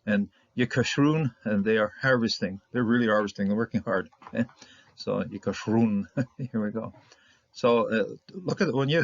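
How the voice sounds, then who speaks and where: A man's voice: mid-range voice, vocal fry, no echo. A man giving a casual, rambling Bible Hebrew lesson, repeating words and chuckling as he explains. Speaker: Hebrew teacher. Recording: dull lo-fi recording.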